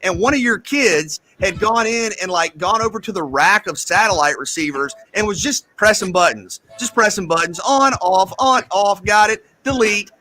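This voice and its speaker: A man hosting a radio show, telling a teasing story in a casual, animated chat. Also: high-pitched, moderate pace, few pauses, low-quality recording.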